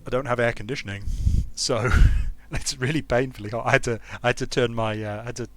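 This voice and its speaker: With faint music behind him, a young game designer in a hot room at home casually narrates a strategy game he's streaming. His medium-pitched, fairly bright voice is a little fast with fairly even intonation, and he rambles, thinking aloud and cutting himself off mid-sentence.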